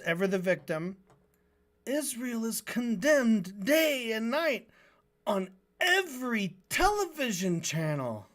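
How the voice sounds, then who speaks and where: Brief: an unhurried, sarcastic streamer, mid-pitched, riffing at length with plenty of sarcasm and restarts. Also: fairly bright tone. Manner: sarcastic, mocking, rambling with restarts. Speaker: streamer reviewing a debate. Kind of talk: casual sarcastic commentary.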